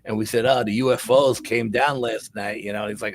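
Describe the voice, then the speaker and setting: A man's voice: lowish voice, fairly even intonation, a little fast. A middle-aged man, a paranormal investigator telling a long rambling story in a casual interview, repeating words as he goes.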